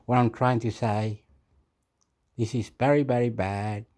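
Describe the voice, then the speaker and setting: A man ranting off the cuff as a video commentator, excitable and profane, repeating himself and often clearing his throat. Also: mid-range voice, measured pace. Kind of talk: rambling off-the-cuff rant.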